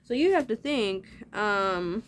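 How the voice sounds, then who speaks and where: A woman's voice: mid-range voice, animated, slow pace, slight background noise. A woman talking straight to her viewers in a loose, rambling monologue, swearing freely as she goes. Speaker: vlogger.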